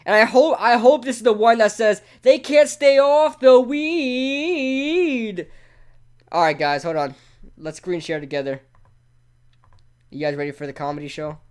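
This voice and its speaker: A man hosting a casual live sports talk stream, excitable and talking straight to his chat. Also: a little high, fairly quick, long pauses. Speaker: sports talk show host.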